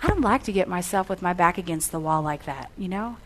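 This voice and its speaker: A woman's voice: lowish voice, animated, fairly quick, a little hiss or hum. A middle-aged woman delivering a storytelling sermon, animating the dialogue as she recounts it. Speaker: speaker.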